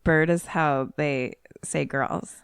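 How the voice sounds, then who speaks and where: A woman's voice: deep voice, steady tone, slow pace, gravelly, clean tone, no echo, studio quality. A woman co-hosting a podcast, casually retelling a film's plot and laughing often.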